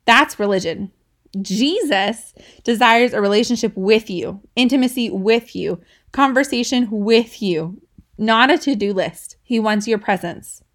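A woman in her thirties hosts a casual devotional podcast, chatty and laughing between points, asking listeners "right?" as she checks in with them while teaching. Her voice is fairly high and measured in pace.

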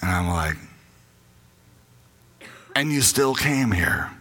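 A man's voice: lowish voice, big pitch swings, slow pace, fairly bright tone. An older man giving a conversational sermon as a pastor, telling candid personal stories and acting out his own doubts aloud.

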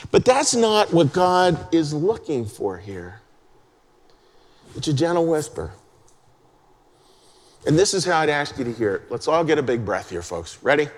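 A man preaching a sermon as a pastor, chatty and conversational, dropping into a soft hush to stress a point. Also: a little high. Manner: conversational, drops to a hush for emphasis. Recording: long hall reverb.

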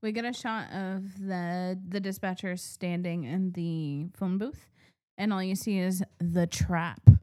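A woman joins a relaxed two-person chat with brief reactions and asides. She talks at an everyday pitch in short, loose bursts. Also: unhurried. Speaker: podcast co-host. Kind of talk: casual chat.

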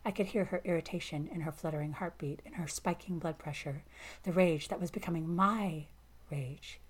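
A woman narrating a first-person science fiction story in a calm, measured way. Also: lowish voice, husky.

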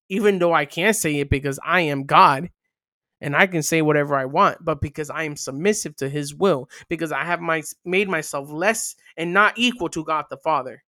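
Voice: mid-range voice, sharp tone, close to an everyday voice. A podcast host paraphrasing Jesus in the first person, as a restrained, indignant man holding back judgment, speaking intensely and emphatically.

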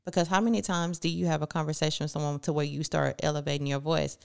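A woman in her thirties co-hosting a podcast, speaking in a calm, even, matter-of-fact way. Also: low-pitched, fast talker, gravelly, clear, resonant tone. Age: 30s. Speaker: podcast co-host. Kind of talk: casual chat.

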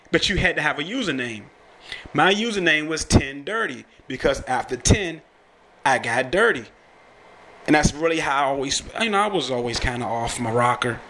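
A young man rambles through a loose, swear-heavy monologue as a talk host, laughing often as he goes. His voice is bright and forceful. A faint hiss of noise sits behind him. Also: medium pitch. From Virginia, USA. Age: young adult. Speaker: podcast host and rapper. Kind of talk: casual profane monologue.

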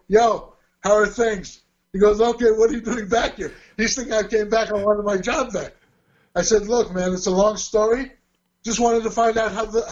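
A man with a high voice telling a personal story casually, slipping into quoted dialogue with real animation. The recording sounds dull and lo-fi. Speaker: guest telling a life story. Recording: dull lo-fi audio.

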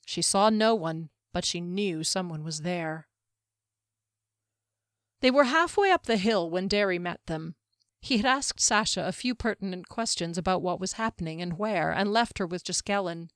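Brief: female audiobook narrator, measured fantasy reading, dry close sound. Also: mid-range voice, a bit bright, clean tone, no echo.

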